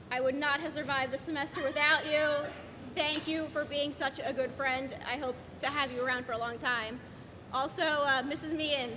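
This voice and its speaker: Young woman, graduate, emotional, trying not to cry, hall reverb. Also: high voice. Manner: emotional, holding back tears. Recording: echoey hall with noticeable noise.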